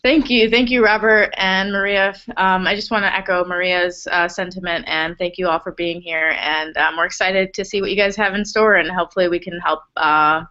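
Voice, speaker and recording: A woman's voice: fairly low pitch, steady tone, moderate pace, hardly any pauses, pushed and bright. A woman presenting a grant application webinar, chatty and apologetic, with many fillers, over a video call. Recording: dull lo-fi online call audio.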